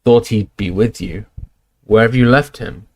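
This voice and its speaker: A surly old barman roars his contempt, as a man puts him on. The voice sits low and drags slowly, gruff and scornful, in a storybook reading. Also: a little mellow. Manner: bellowing, scornful, defiant.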